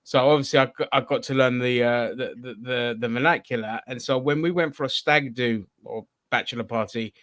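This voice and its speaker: Animated man, dry sound. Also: medium pitch, fairly quick, few pauses, dry recording. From London. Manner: animated, swearing, laughing. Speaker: podcast co-host. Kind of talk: casual chat.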